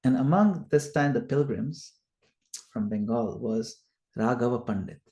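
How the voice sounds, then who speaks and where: A man teaching a scripture study and retelling the story as an animated storyteller who acts out the quotes. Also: medium pitch, measured pace. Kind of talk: storytelling lecture. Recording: echoey room.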